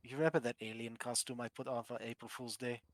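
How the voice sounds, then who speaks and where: A woman's voice: a bass voice, fairly even intonation, fast talker, no room sound. A woman chatting in character as a doctor in a roleplay game, rambling with fillers and laughing often. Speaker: roleplay streamer playing a doctor.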